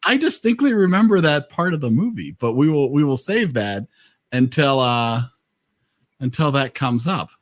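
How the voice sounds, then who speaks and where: A man's voice: mid-range voice, big pitch swings, normal speed, no echo. A man hosting a casual online movie night, chatting with lots of fillers and laughs. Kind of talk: casual group chat.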